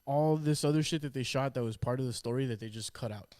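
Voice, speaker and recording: A man's voice: mid-range voice, fast, a little mellow, no room sound. A man cohosting a podcast, giving blunt, opinionated takes in casual chat and cursing freely.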